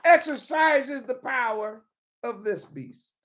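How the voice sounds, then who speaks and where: A woman's voice: high-pitched, expressive, takes it slowly. A woman teaching from the Bible in an informal sermon style, emphatic, repeating key words and calling on listeners by name.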